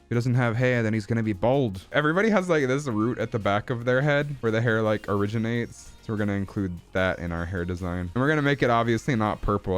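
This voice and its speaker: A man's voice: fairly low pitch, fast, few pauses. A man casually talking through his digital drawing as he streams, goofy and playful, in a put-on accent, with faint music behind. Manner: goofy and playful, silly sound words and mock grandeur. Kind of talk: casual live-stream commentary while drawing.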